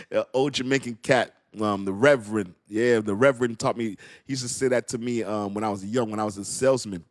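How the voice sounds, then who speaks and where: A man's voice: on the low side, brisk, no room sound, studio quality. A man hosting a crypto livestream in casual chat, slangy, laughing often and repeating his phrases.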